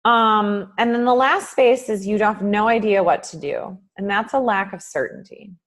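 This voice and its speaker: A woman life coach giving a casual, live-streamed motivational talk, acting out inner voices with big swings in pitch and loudness, with many ums. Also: normal speed.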